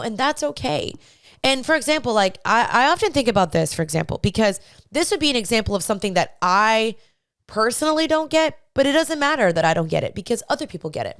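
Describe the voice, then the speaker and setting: Young woman podcast host, chatty and encouraging, smooth clear voice, dry sound. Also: on the high side, no echo. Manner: chatty and encouraging, speaks straight to listeners. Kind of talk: faith-based advice talk.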